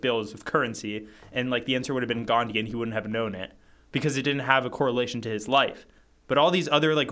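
A man's voice: medium pitch, pushed and bright. A young man co-hosting a casual chat, rambling with lots of fillers. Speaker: podcast co-host. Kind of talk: casual movie-list chat.

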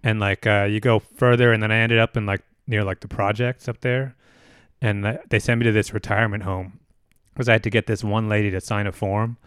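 A man's voice: lowish voice, little pitch movement, a little fast, fairly bright tone, smooth, dry recording, clean studio sound. A man in casual chat, laid-back and musing, loose with his fillers.

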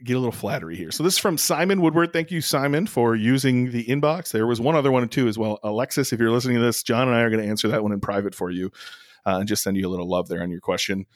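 A man's voice: mid-range voice, quick pace, no room sound. A man co-hosting a podcast in casual, rambling chat, speaking close to the mic. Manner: rambling, chatty, restarts a lot. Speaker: podcast co-host.

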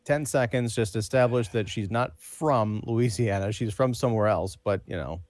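A man's voice: lowish voice, normal speed, a little mellow, no room sound. Wry male podcast co-host. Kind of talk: casual film review chat.

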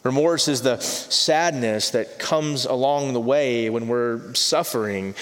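A man preaching a sermon as pastor, earnest, repeating words and dropping softly for emphasis. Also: mid-range voice, takes it slowly. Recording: long reverb of a large hall.

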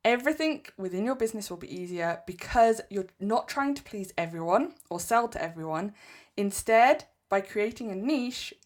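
A woman's voice: mid-range voice, animated, normal speed. Emphatic English woman podcaster. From England. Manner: direct, emphatic coaching tone. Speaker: podcast host. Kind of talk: solo podcast advice.

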